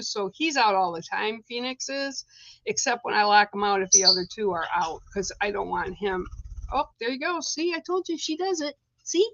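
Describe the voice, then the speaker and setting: A woman's voice: mid-range voice, pushed and bright, dull audio, a little hiss or hum. A woman giving psychic card readings on a livestream, speaking in a meandering way with many fillers.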